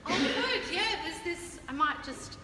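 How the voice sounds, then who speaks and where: A woman's voice: very high voice, expressive, a little slow, noisy background. An Australian woman leading a choir rehearsal, upbeat and encouraging, who breaks into song to show the parts. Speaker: choir leader. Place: large town hall. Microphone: camera on a tripod, far from the speaker. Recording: echoey hall from far off, with music. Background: choir and instrument.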